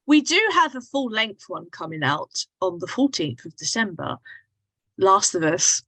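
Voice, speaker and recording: A woman's voice: medium pitch, big pitch swings, unhurried, a bit bright, no echo, poor audio. A woman hosting a casual group chat with fellow voice actors, steering the talk and asking questions. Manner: upbeat, leads the conversation. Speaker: host.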